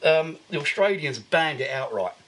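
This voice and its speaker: A man's voice: on the high side, lively intonation, normal speed, fairly bright tone. Rambling man recapping a film. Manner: rambling, filler-heavy plot recap. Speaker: podcast co-host. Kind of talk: casual film review chat.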